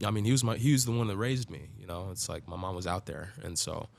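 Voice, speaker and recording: A man's voice: low voice, steady tone, fast talker, gravelly, darkish tone. A man telling his own story as a podcast guest in a loose, profane way, full of filler words. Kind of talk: casual storytelling.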